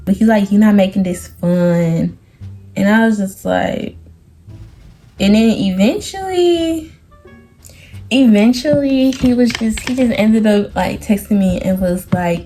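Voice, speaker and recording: A teenage girl chatting through a storytime vlog, animated, quoting people by lowering or raising her voice. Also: measured pace, soft background music. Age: teens. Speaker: vlogger.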